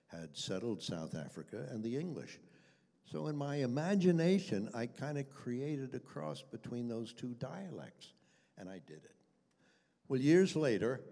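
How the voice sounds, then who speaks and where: Fairly low-pitched and mellow with vocal fry, an older man who is a voice actor guest recounts stories at a convention Q&A. He is chatty and self-deprecating, chuckling often, and the panel room recording is echoey.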